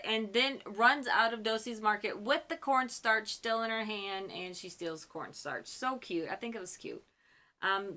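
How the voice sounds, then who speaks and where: A woman's voice: mid-range voice, pushed and bright. A young woman from Michigan, recapping a TV episode in a gushing, chatty way as host of her fan channel. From Michigan, US Midwest.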